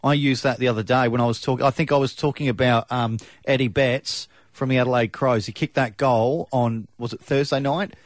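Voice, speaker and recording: A young Australian man co-hosting a radio show in a casual, joking chat. His teasing is dry and laid-back, and his voice sits at an ordinary pitch. The studio sound is close and dry. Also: steady tone, a little fast, few pauses, dry recording. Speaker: radio co-host.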